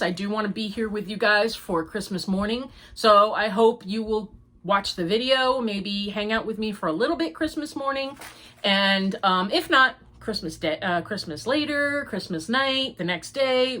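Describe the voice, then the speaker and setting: A woman's voice: medium pitch, fairly bright tone. Older woman, podcast host, chatty, rambling, upbeat. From United States. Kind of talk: casual chat.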